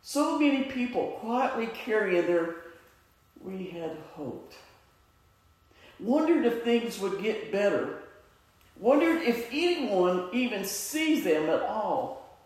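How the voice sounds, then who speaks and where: A man's voice: sits high, big pitch swings, a little mellow. A middle-aged man giving an earnest, heartfelt personal testimony at a suicide awareness event. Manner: earnest, slow, heartfelt storytelling. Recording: echoey hall, mic far off.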